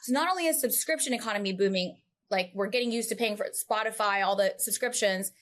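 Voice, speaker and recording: A woman guest on a podcast, telling her story in a casual, animated, chatty way full of asides. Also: mid-range voice, fast.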